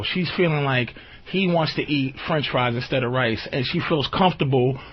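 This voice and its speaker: A man's voice: medium pitch, normal speed, hardly any pauses, slightly rough. A man hosting a radio talk show, joking loosely and often asking whether the listener understands. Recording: lo-fi radio recording.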